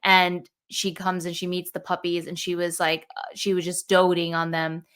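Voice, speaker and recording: A young woman telling a personal story in casual conversation, animated and acting out the thoughts she quotes. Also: on the low side, normal speed, clean tone. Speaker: podcast guest.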